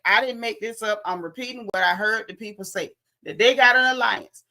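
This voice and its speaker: A sassy Southern woman dishes celebrity gossip in a bright, forceful voice that sits a little high. She is blunt and talks straight to her viewers like they are friends. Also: brisk, few pauses. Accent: Southern American. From American South. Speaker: host. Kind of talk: casual gossip commentary.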